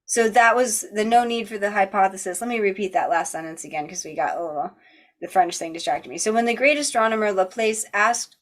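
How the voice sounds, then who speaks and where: A medium-pitched woman leads a book club, reading philosophy aloud at a steady pace and occasionally slipping into casual, chatty asides.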